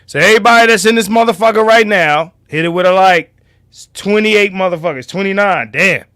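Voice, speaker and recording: A man hosting a casual livestream, loud and profane, now and then dropping to a low mutter. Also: fairly quick, no room sound, clean studio sound. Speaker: livestream host.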